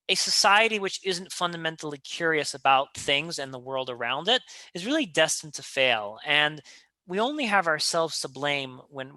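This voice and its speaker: A man hosting a casual podcast conversation, talking in an animated, emphatic way that climbs in pitch when he makes a point. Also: dry recording. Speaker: podcast host.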